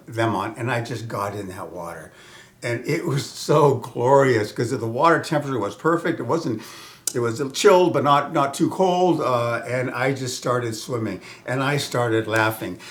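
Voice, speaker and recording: A man from Southern California rambling through a personal story, stumbling over restarts and fillers. He chuckles often and drops into hushed, whispered asides. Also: mid-range voice, moderate pace.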